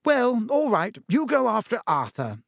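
A man's voice: wildly swooping pitch, measured pace, vocal fry, no echo, clean studio sound, heavily acted. A man voicing a fussing, motherly middle-aged witch in a raised, anxious voice. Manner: anxious, fussing, high and bright.

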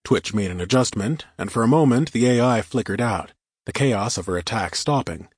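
Man, audiobook narrator, first-person action story, steady delivery, husky, dry close recording. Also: lowish voice, moderate pace, dry recording.

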